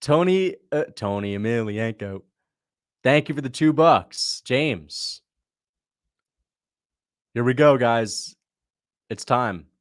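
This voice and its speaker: A man's voice: mid-range voice, animated, clear, resonant tone, dry recording, studio quality. Chatty young man hosting a livestream. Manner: loose, chatty, quick to laugh, reads out donations. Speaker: livestream host reacting to fights. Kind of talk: casual livestream commentary.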